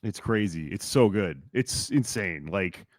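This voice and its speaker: A man hosting a podcast, telling a history story in a loose, profane, animated way and acting out shouted lines. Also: low voice, unhurried, no echo, clean studio sound. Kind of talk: casual storytelling chat.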